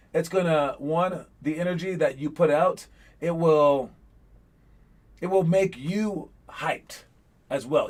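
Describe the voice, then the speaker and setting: A young man coaching basketball players through a lesson, animated and often acting out the calls players shout on court. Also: a little high.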